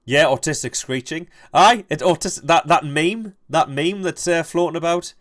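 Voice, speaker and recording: A young man streaming a game, telling a rambling, halting story and swearing freely. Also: on the high side, a bit bright. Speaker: gaming streamer. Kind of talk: casual storytelling while playing.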